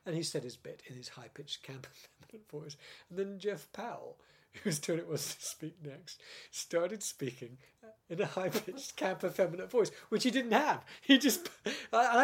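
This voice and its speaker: An older man from Britain talks through his memories in a relaxed interview. His voice sits a little high for a man, with a gravelly, husky grain. He laughs often and breaks off to restart his sentences as he recounts the past. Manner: animated storyteller, laughs often, many restarts. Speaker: interview guest, former script editor. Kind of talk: casual interview chat.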